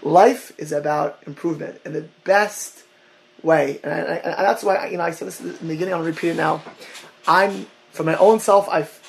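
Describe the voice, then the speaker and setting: A man teaching a Torah class over a call, talking in halting bursts, often repeating words and mixing in Hebrew and Yiddish terms. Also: fairly high pitch, fairly even intonation, vocal fry, slight background noise, poor audio.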